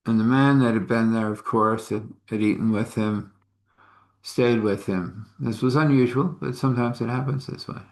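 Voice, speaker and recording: A man's voice: medium pitch, fairly even intonation, moderate pace, darkish tone. A man telling a story in a casual, folksy way with chuckling asides.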